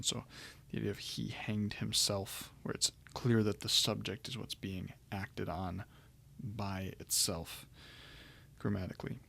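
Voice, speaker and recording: A man's voice: on the low side, gravelly. A man teaching Greek grammar in a recorded lecture, explaining step by step with frequent ums and restarts.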